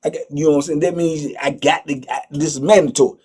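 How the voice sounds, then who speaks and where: Husky, excitable man telling stories. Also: fairly high pitch, fast talker. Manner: slangy, excitable, lots of filler asides. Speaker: storyteller host. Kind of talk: animated prison storytelling.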